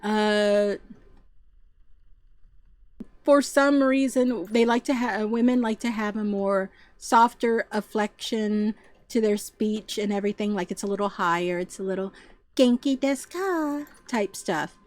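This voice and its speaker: A woman streamer telling stories in a casual, animated chat, often acting out the voices of the people she quotes. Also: medium pitch, normal speed, no echo. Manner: animated, puts on voices when quoting people; chatty, frequent fillers and restarts. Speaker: VTuber streamer.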